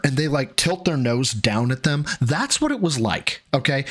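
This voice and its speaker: A man's voice: fairly high pitch, big pitch swings, brisk, fairly bright tone. A man hosting a live stream, reacting to clips with profane, sarcastic anger and thanking viewers. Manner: profane, angry ranting with sarcasm. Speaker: streamer host.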